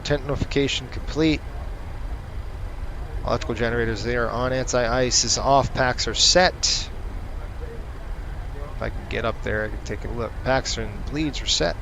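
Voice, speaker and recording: A man's voice: medium pitch, moderate pace, creaky, long pauses, a bit bright, a little hiss or hum, rough recording. A man casually commenting on a flight simulator session, running through checklist callouts and ranting sarcastically between them. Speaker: flight sim streamer.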